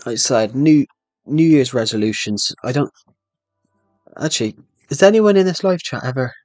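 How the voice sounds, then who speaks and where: A young man talks loosely to his live chat as he plays, tripping over his words and laughing at himself. His mid-pitched voice sits close and dry on the mic, with faint game music underneath. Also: animated, moderate pace, a little mellow, no room sound. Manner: rambling, self-deprecating, stumbles over words. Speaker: livestreamer. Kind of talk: casual live-stream chat while playing.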